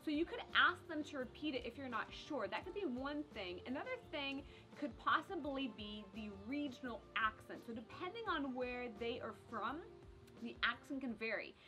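A woman from the south of France with a French accent, teaching French in a lively, casual video lesson. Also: high voice, moderate pace, music in the background. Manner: lively, explains with spoken French examples.

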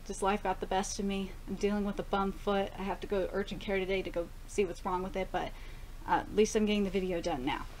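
A young woman casually reviewing an anime episode, gushing and excitable, swearing now and then. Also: mid-range voice, fast, slight background noise.

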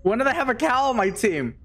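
A game streamer commentating a live play session, excitable, swearing and reading game dialogue aloud in mock voices. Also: medium pitch. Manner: excitable, swears, screams in panic.

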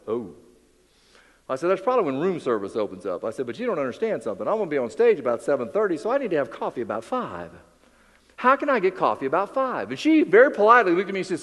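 Theatrical male keynote speaker, lively pitch. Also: long reverb tail. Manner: theatrical storytelling, acts out quoted voices, drops low and quiet for emphasis. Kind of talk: motivational keynote speech. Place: large hall with audience.

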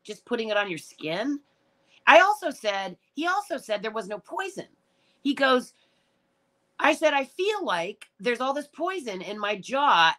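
A middle-aged woman talks to her live chat in a rambling, emotional way, tearful and swearing freely. Her voice is bright and very lively in pitch, leaping high when she gets worked up. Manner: rambling, emotional, profane ranting. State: tearful and upset. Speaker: livestream host reading chat. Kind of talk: casual live-stream chat.

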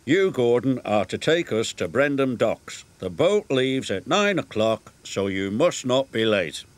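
A man's voice: medium pitch, very animated, a little slow. A man voicing a stern, formal railway boss in a children's storybook show, giving orders in a clipped, commanding way. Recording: loud background music.

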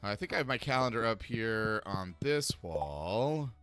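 A man's voice: on the low side, very animated, measured pace, a bit bright, clear, resonant tone. Male let's-play host, breezy and jokey, reads in-game lines with playful voices, light music bed. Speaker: gaming channel host.

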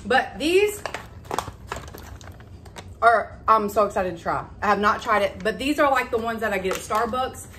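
Lady vlogger gushing to viewers, kinda high voice, bit of noise behind. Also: moderate pace, long pauses. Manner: chatty, excitable, addresses viewers as y'all. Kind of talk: casual haul vlog.

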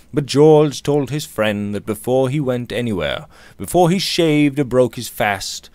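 Male narrator, lively pitch, dry close voice, Victorian novel reading. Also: no room sound. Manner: expressive, measured storytelling. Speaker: audiobook reader.

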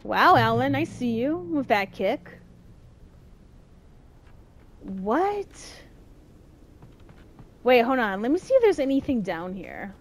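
A young adult woman hosting a gaming video, giving casual let's-play commentary and getting jumpy and loud at the game. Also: fairly high pitch, takes it slowly, pauses often, a little hiss or hum. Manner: excitable, yells at the game, jumpy.

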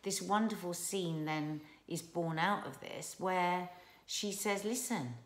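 Enthusiastic woman, lowish voice, echoey room. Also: fairly even intonation, slow pace. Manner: enthusiastic, emphatic, firm. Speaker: co-host reviewing a TV drama. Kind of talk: casual review chat.

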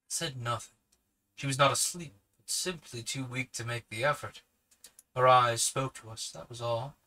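Guy reading a classic novel out loud, bright clear voice, steady pace, trips on a word now and then. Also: medium pitch, rough recording. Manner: steady storytelling with occasional slips and restarts. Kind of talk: audiobook reading.

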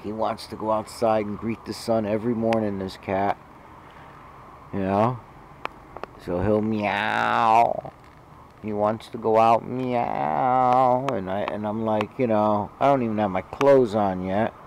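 A man's voice: lowish voice, fairly even intonation, normal speed, a little mellow, a little hiss or hum. A man filming his cats at home, chatting casually and cooing doting baby talk at his pets between rambling asides. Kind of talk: casual home video chat.

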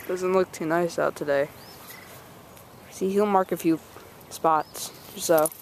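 A woman's voice: on the low side, fairly even intonation, slow. Chatty woman filming a dog walk. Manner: chatty, talks to her dog with commands. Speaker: vlogger showing dog walking. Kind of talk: casual how-to vlog narration. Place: at home and outdoors on a walk. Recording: noisy home video.

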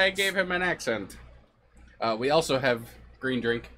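A man's voice: mid-range voice, lively intonation, moderate pace, bright, forceful tone, slight background noise. A man streaming a game, giving rambling, jokey commentary and often laughing at his own jokes. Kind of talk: casual gameplay commentary.

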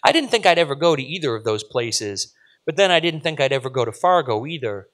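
A man reading aloud and voicing an eager young girl who loves spelling, with high, chatty questions. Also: very animated, fairly quick. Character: excited young girl, spelling bee whiz.

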